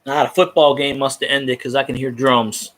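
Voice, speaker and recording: A man's voice: mid-range voice, little pitch movement, normal speed, a bit bright. A young man in casual sports talk, ranting with profanity and frequent stumbling restarts.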